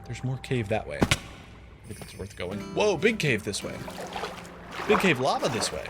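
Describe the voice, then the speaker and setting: Streamer, rambling casual commentary, lively pitch, music under. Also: moderate pace. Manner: rambling, self-deprecating, chatty. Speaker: live streamer.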